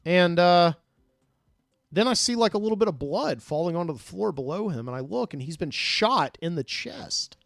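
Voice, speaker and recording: A man's voice: high-pitched, expressive, moderate pace, creaky, dry recording, clean studio sound, faint music behind. A man, a podcast host, casually recounting a dream in a rambling way, full of fillers and restarts.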